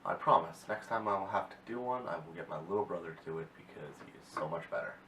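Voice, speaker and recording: A man's voice: sits low, lively intonation, fast talker, a bit bright, recorded from a distance. A man casually recapping a TV episode, rambling and often correcting himself. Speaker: TV episode reviewer. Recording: echoey room, mic set back, faint hiss.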